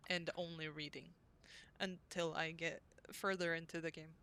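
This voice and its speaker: A woman's voice: low-pitched, level tone, normal speed, a bit bright, clean tone, no echo. A woman streaming a game, chatting casually and teasing her viewers with a giggly manner.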